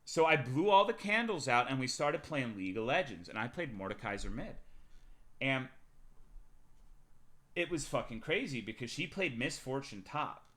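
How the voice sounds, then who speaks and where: Bright-voiced man ranting a profane story. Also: medium pitch, lively intonation, moderate pace. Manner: profane, rambling anecdote with big swings in loudness. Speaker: streamer. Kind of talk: casual storytelling to a live chat.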